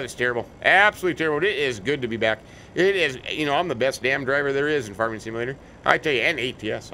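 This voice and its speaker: A middle-aged American man hosts a let's play of a farming game, joking and bantering with imaginary companions as he casually comments. His voice is a little high with a sharp tone, there's slight background noise, and faint game vehicle sounds play behind him.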